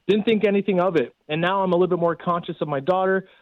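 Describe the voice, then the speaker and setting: A man's voice: high-pitched, quick pace, no echo. A man in casual storytelling, rambling with many fillers as he recounts events. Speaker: guest telling a rescue story. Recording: tinny phone line.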